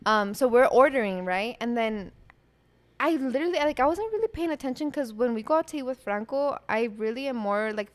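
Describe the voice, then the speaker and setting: A young woman with a slightly high voice chats casually on a podcast. She tells stories with plenty of fillers and laughs along the way. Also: clear, resonant tone. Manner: chatty storyteller, many fillers and laughs. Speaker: podcast co-host. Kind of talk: casual chat.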